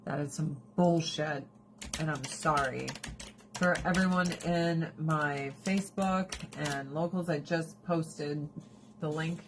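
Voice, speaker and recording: A woman's voice: low voice, takes it slowly, noisy background. Blunt, profane woman livestreaming. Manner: blunt, profane and expressive, often laughing. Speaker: livestream host. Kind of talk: casual livestream chat.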